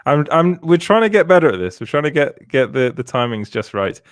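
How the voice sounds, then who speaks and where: A man's voice: fairly high pitch, very animated, a little fast, no echo. Giggly man reading chat on stream. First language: French. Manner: laughs often, restarts, reads chat aloud. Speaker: podcast co-host. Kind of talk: casual live-stream chat.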